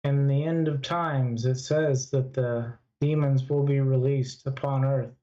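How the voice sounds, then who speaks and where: A man's voice: medium pitch, steady tone, measured pace, mellow. A man co-hosting a casual chat, answering in brief, matter-of-fact, assertive replies. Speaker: podcast co-host. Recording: dull lo-fi sound.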